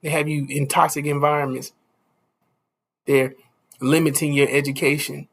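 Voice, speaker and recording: A man's voice: on the high side, little pitch movement, moderate pace, gravelly, a bit bright. A man preaching a casual street sermon, stopping often to ask "you see?" and chuckling between points.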